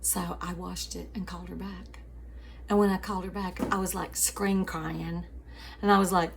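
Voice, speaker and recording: A woman's voice: fairly low pitch, level tone, moderate pace, vocal fry. A woman host telling a story in a devotional chat, calling her listeners sweeties and family and often laughing.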